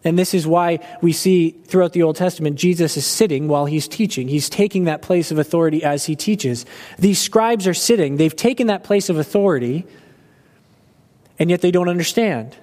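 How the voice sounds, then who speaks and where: A man's voice: moderate pace, a little mellow. A man preaching a sermon, explaining scripture in a conversational way and lifting his voice when he presses a point. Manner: expository, conversational, rising in pitch for emphasis. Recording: long hall reverb.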